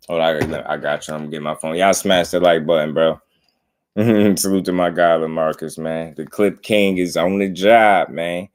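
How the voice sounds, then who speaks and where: Casting: low-voiced man, relaxed livestream host chatting with viewers. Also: clean tone. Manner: laid-back, laughing, talks to chat. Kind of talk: casual livestream commentary.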